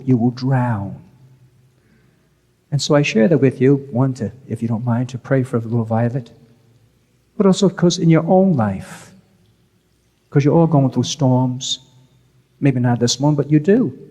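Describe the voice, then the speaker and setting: A man's voice: mid-range voice, unhurried, long pauses, dark tone. A man, a priest, giving a conversational sermon, repeating key phrases for emphasis. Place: church. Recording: church with long reverb.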